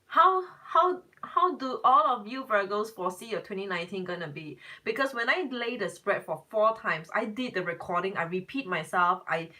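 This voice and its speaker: Woman tarot reader, casual live-stream host, bright and tense tone, rambling, exasperated. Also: mid-range voice, animated, fairly quick, few pauses. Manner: chatty, talks back to viewer comments, rambling restarts; exasperated exclamations.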